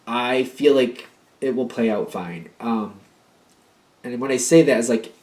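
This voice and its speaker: A man's voice: medium pitch, unhurried, a little mellow. A man giving a casual tarot reading in a rambling, repetitive, emphatic way. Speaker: tarot card reader.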